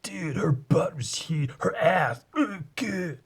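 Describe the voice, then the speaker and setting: A man impersonating a crude young American dude, exaggerated, lewd, higher voice. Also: lively intonation, slow pace, gravelly, breathy edge, heavily acted. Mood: mocking.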